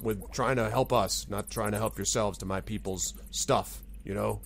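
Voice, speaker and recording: A man voicing a clever goblin leader who is gruff and wary. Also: fairly low pitch, fairly even intonation, moderate pace.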